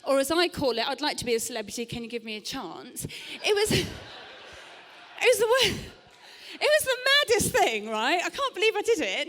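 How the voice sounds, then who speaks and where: A middle-aged woman works the room from a theatre stage, her high voice bright and chatty as she mocks herself and tosses quick asides to the crowd. A long reverb from the hall trails every line. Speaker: stand-up comedian. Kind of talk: live stand-up set.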